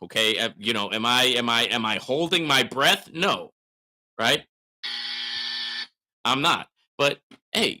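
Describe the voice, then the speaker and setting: A man runs a casual viewer question show in an animated, forceful voice that swings up and down in pitch. He keeps tagging his points with "right?" and breaks into loud hollering bursts. His tone is bright and pushing throughout. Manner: frequent "right?" tags. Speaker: host. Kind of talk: live Q and A chat.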